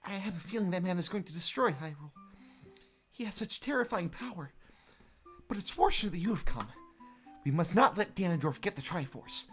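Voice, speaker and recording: An earnest young princess speaks her game lines with dramatic sincerity, as a woman reads them. The voice is low for a woman but moves expressively up and down. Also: expressive, fairly quick, pauses often, faint music behind, lightly acted.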